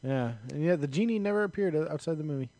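A man's voice: on the high side, animated, fast talker, dark tone, dry recording. A man in casual chat about cartoons, agreeable, often trailing off while searching for words.

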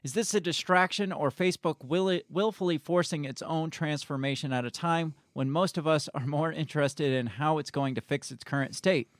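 A man's voice: on the high side, moderate pace, hardly any pauses, no echo, studio quality. A man co-hosting a casual talk stream, reading news aloud and adding his own blunt comments, often laughing and swearing. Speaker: co-host of a live-streamed talk show.

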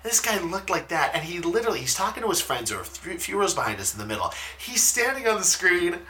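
A man in his thirties spins a long, funny story in a relaxed podcast chat, his pitch leaping all over the place. His tone is bright and forward, he swears freely and he yells out quoted lines. A faint hiss sits under the voice. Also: fast talker. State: talking quietly at times because his wife sleeps.

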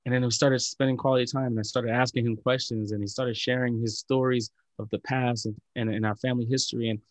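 A man's voice: mid-range voice, level tone, quick pace, no room sound. A man in casual conversation, talking in an earnest, reflective way with many filler likes and restarts. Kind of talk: casual chat.

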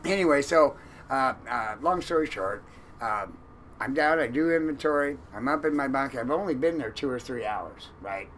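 A man telling a long story in an interview about his time as a fishing boat cook, animated and acting out the lines of others. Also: medium pitch, normal speed, a little hiss or hum, low-quality recording. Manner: animated, acts out quoted lines loudly.

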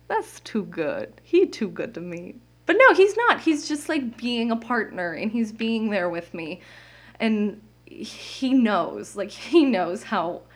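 A young woman hosting her own podcast, talking candidly and at length, full of "like" fillers and quick laughs. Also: fairly low pitch. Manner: candid, rambling, many "like" fillers, laughs often. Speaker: podcast host. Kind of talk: casual solo podcast monologue. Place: home, indoors.

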